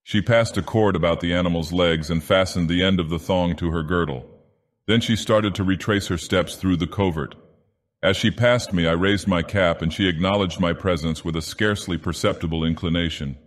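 A man reading a classic short story aloud while putting on the voice of an ancient, godlike male villain, with slow, measured, theatrical delivery. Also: low voice. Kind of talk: audiobook narration in character. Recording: long reverb added.

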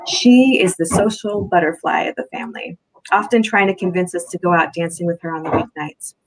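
A woman, the author, reading her novel aloud in soft, steady first-person narration. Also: on the low side.

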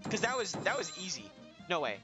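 A young man giving excitable, self-mocking commentary while playing a video game, often yelling. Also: sits high, a little fast. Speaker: gaming video host. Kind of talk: live let's-play commentary. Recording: dull lo-fi with game music behind.

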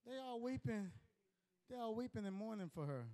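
High-voiced preaching pastor, a man. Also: lively intonation, moderate pace, rough recording. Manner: emphatic preaching, swinging between shouts and hushed lines; conversational, colloquial asides to the congregation. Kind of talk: sermon.

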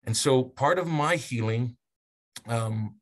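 Candid man, halting speech. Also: mid-range voice. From Samoa. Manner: halting, repeats words, candid. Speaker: guest speaker. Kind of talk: personal testimony in a group session.

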